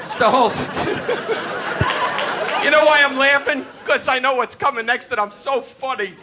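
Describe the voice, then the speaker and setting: A man doing a brash insult stand-up routine, teasing and shouting at people in the live audience. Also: extremely high pitch, unhurried. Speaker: stand-up comedian. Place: stage before a live audience. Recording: noisy live recording with loud crowd.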